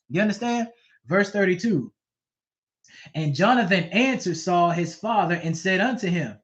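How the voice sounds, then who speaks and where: A male bible teacher reads verses aloud and explains them in loose, animated everyday talk. He keeps checking with his listeners, asking if they understand. His voice is high-pitched, and the recording sounds dull and lo-fi. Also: normal speed.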